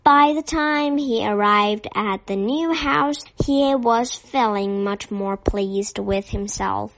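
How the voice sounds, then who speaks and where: A woman narrating a children's story with a gentle, careful reading. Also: medium pitch, slow, gravelly, dry recording. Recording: dull dry lo-fi recording.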